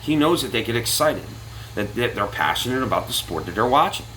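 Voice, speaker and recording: A man's voice: mid-range voice, brisk, slight background noise, rough recording. A man telling a story casually to his viewers, cursing freely and acting out what people said. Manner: animated, profane, acts out quotes. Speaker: vlogger.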